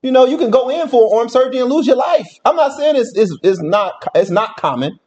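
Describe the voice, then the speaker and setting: A man co-hosting a show, reacting to a story in blunt, animated casual chat and talking straight to the audience. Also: extremely high pitch, brisk. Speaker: podcast co-host reacting to a story.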